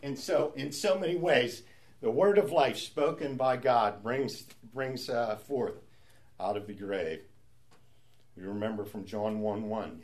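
Man, bible study teacher, conversational, rhetorical questions, mid pitch. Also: unhurried. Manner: conversational, asks rhetorical questions with frequent "right?".

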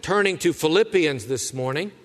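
A man's voice: a little high, animated, normal speed. A man preaching a Sunday sermon as pastor, in a folksy, storytelling manner with casual asides. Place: church sanctuary. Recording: long hall reverb.

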